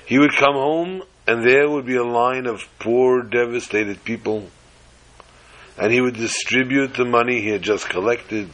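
A man telling a religious story to listeners in a measured, dramatic way. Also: mid-range voice, steady tone, fairly bright tone, low-quality recording.

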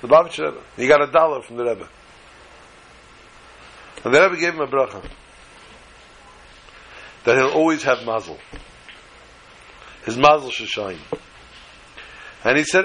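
A man's voice: medium pitch, normal speed, pauses often, a bit bright, breathy edge, poor audio. A man giving an earnest Torah lecture, mixing in Hebrew and Yiddish terms and telling a story.

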